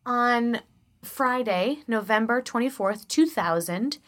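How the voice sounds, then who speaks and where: A woman's voice: on the high side, slow pace. A woman in her thirties from Chicago co-hosting a podcast in casual chat, with a forward, musical-theater voice. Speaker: podcast co-host.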